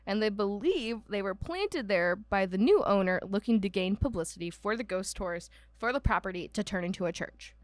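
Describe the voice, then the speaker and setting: Her mid-range voice is animated, at normal speed with hardly any pauses and no echo. The Ohio-accented podcast co-host relates a haunted house's history in a rambling, casual storytelling chat, often saying "um" and correcting herself.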